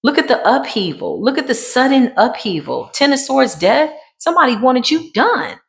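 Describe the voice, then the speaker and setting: A woman giving a dramatic tarot card reading in a sassy way, dropping to a hush and then rising to emphatic bursts. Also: sits high, sing-song, normal speed, gravelly. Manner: sassy, dramatic, swings between hushed and emphatic. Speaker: tarot reader.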